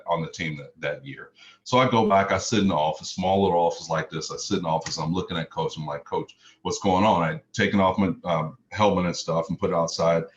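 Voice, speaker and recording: Middle-aged man from Chicago, very low voice, emotional storyteller, slightly muffled recording. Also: a little hiss or hum. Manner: vivid present-tense storytelling, emotional. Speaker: motivational speaker. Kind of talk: personal storytelling talk.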